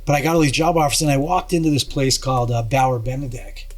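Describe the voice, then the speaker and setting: A man's voice: medium pitch, fast talker. A man as a podcast guest, telling a rambling story in casual chat, with restarts and acted-out quotes.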